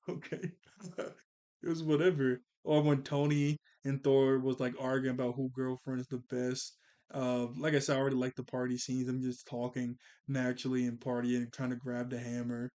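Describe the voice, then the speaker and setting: A man's voice: medium pitch, darkish tone. A man recapping a movie in casual chat, rambling with lots of "like" and "you know" and chuckling often. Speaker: movie commentary vlogger.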